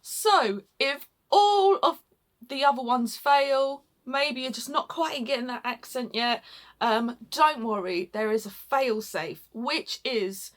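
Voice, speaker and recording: A woman's voice: sits high, slow pace. A young British woman co-hosting a casual language lesson, self-mocking and laughing often. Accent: British English. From United Kingdom. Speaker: co-host, learner. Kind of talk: casual teaching chat.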